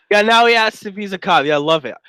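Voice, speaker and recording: A man's voice: high voice, expressive, brisk, pushed and bright, smooth, dry recording, low-quality recording. A man giving casual, sarcastic commentary while reading through a chat log aloud, with wry asides.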